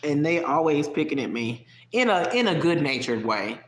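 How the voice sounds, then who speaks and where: A live-stream host with a light Southern US accent chatting casually with viewers, laughing often and swooping up in pitch. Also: big pitch swings, moderate pace, fairly bright tone, a little hiss or hum. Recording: roomy echo.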